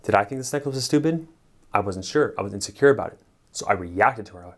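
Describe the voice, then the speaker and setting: Man, relationship coach, somewhat low voice; casual animated storyteller, filler-heavy, chuckles between phrases. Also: fast talker. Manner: animated storyteller, frequent "like" and "right?", chuckles while talking. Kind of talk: casual advice monologue to the camera.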